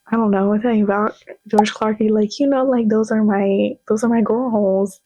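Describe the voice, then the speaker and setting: Chatty young woman with a soft husky voice. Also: mid-range voice, steady tone, normal speed, dry recording, rough recording. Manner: gushing, slangy, chatty. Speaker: vlogger reacting to clips. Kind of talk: casual chat.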